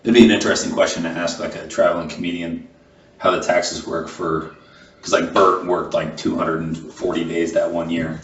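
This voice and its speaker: A man's voice: low voice, level tone, normal speed. A man co-hosting a podcast in casual chat, rambling and thinking aloud, swearing now and then. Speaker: podcast co-host. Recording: roomy, distant, muffled podcast audio.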